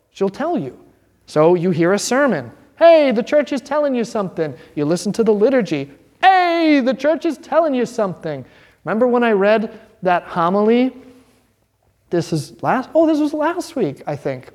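A man, a pastor, teaching an informal Bible class in an animated, joking way. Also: high-pitched. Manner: animated, joking, acts out quoted voices.

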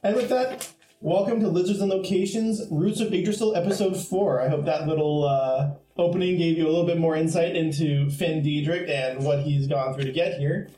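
A man narrates as game master, setting each scene in a laid-back, descriptive way. His voice is mellow and fairly high. The room is echoey. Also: steady tone, normal speed, soft background music.

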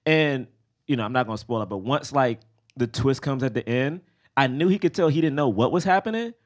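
A man's voice: mid-range voice, lively intonation, brisk. A young man co-hosting a podcast, chatting casually and animatedly, laughing often. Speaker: podcast co-host. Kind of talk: casual chat.

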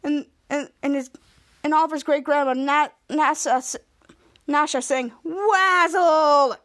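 A woman's voice: high voice, flat delivery, moderate pace. A woman podcast host casually recapping a TV episode, retelling each scene and raising her voice for the quoted lines.

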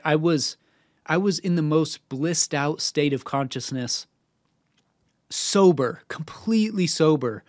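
A man's voice: a little high, dry recording, clean studio sound. A young man hosting a podcast, telling a personal story in an earnest, casual way with fillers and restarts. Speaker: podcast host. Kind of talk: casual spiritual talk.

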